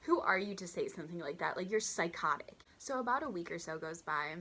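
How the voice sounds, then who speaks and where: A woman with a slightly low voice tells waitressing stories in a casual vlog. She sounds animated and incredulous, with dramatic emphasis and a steady stream of "like.". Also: a little hiss or hum. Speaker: vlogger telling stories from her waitressing days. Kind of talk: storytime vlog.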